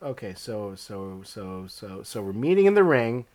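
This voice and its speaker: A man co-hosting a comedy podcast, rambling excitably with stammering restarts. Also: on the low side, a little slow. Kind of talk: improvised comedy podcast chat.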